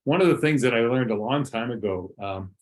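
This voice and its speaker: A man's voice: medium pitch, expressive, brisk. A man co-hosting a podcast, speaking thoughtfully and a little hesitantly in casual chat. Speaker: podcast co-host.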